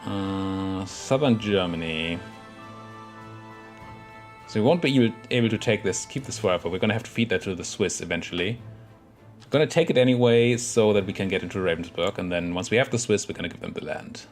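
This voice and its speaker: A man's voice: deep voice, fairly quick, faint music behind. A young man casually commentating his own strategy game, thinking aloud and muttering at the units on screen. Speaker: gameplay commentator.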